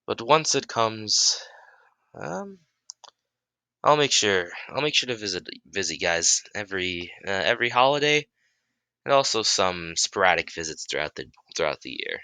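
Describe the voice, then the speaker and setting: A man voicing a polite young hero, deep and bright. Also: big pitch swings, clean tone, no echo, full character voice. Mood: earnest. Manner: halting, improvised delivery.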